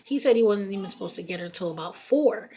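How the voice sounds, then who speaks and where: A woman's voice: mid-range voice, fast talker, breathy edge. A woman in her thirties telling a personal story in casual storytime fashion, blunt and profane, with lots of fillers. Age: 30s. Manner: blunt, profane, animated retelling full of fillers.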